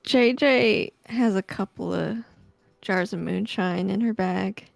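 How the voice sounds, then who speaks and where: A woman taking part in a tabletop game as a player, talking in a relaxed, casual way. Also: mid-range voice, takes it slowly, gravelly, no room sound.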